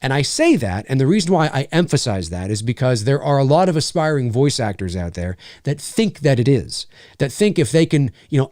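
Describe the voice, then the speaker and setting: A middle-aged voice actor with a mid-range voice chats briskly and casually with viewers during a livestream Q&A. Animated, he rambles and restarts often, speaking into a studio mic in his home studio on a dry recording.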